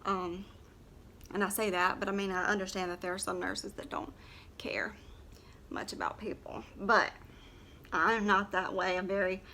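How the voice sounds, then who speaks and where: A woman's voice: mid-range voice, level tone, normal speed, sharp tone, slight background noise. A woman, chatting in a rambling, blunt way while doing her makeup on camera. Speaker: makeup vlogger and nurse. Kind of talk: casual makeup tutorial chat.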